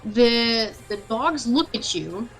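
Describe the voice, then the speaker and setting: A woman's voice: on the high side, animated, takes it slowly, soft background music, low-quality recording. A woman narrating as game master of a tabletop role-playing game, describing scenes with many fillers. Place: home setup on a live stream.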